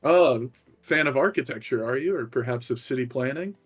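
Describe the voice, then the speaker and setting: A man's voice: medium pitch, moderate pace, breathy edge, faint music behind, lightly acted. A man voicing a carefree, hard-drinking male scholar who waves off rules. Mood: curious. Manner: brash, dismissive.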